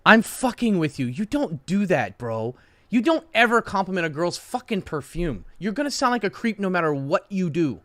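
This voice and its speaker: A young man casually reacting to posts as a streamer, swearing freely, stammering through restarts and swinging from quiet asides to loud outbursts. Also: high-pitched, big pitch swings, normal speed, dry recording. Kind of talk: casual profane reaction chat.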